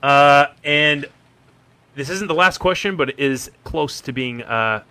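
A man's voice: on the high side, unhurried, sharp tone, clean tone. A man hosting a casual quiz in a playful, teasing way, laughing often. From Kentucky. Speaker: quiz host.

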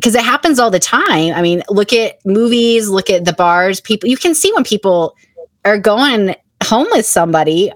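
A woman's voice: mid-range voice, lively intonation, normal speed, no echo. A woman co-hosting a podcast in frank, casual chat, blunt and swearing freely. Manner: blunt and candid, swears freely, acts out quotes. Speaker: podcast co-host.

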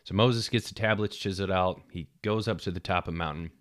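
Deep-voiced man in an earnest fatherhood talk. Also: quick pace, a bit bright, no echo, clean studio sound. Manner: earnest, repeats words, many fillers and restarts. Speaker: podcast host. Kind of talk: casual faith talk on fatherhood.

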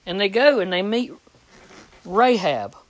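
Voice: medium pitch, animated, measured pace, dry recording. A preacher giving a plain-spoken, folksy sermon, reading scripture aloud and repeating phrases for emphasis.

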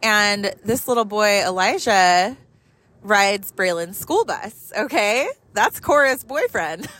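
A woman in her thirties, a mother, telling a story in a casual, animated way, swearing freely and laughing often, talking while driving her car. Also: medium pitch, takes it slowly.

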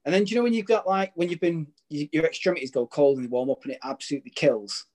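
A man's voice: on the high side, quick pace, darkish tone. A British man in his thirties telling rambling, chatty stories. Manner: chatty, rambling storytelling with restarts. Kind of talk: casual chat.

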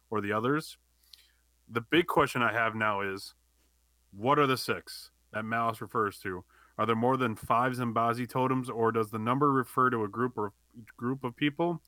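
Podcast guy reading out a fan email, bright tense voice, dry mic. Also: medium pitch, no echo. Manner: reads steadily, adding side comments. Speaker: podcast co-host. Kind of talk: reading a listener email aloud.

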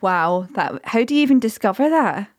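Scottish woman co-host; quick reactions, giggly, mid pitch, dry close mic. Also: expressive, dry recording. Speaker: podcast co-host. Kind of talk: casual chat.

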